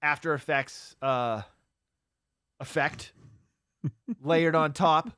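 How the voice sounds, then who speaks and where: Higher-voiced man riffing with laughs. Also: extremely slow, smooth, dry recording, studio quality. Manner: laughs often, lots of "uh" fillers, animated retelling. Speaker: podcast co-host. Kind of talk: casual movie-riffing chat.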